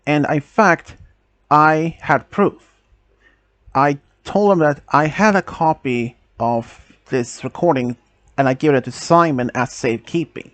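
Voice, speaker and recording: A man casually narrating a first-person story, halting and restarting often, with non-native phrasing. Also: a little high, a bit bright, no room sound.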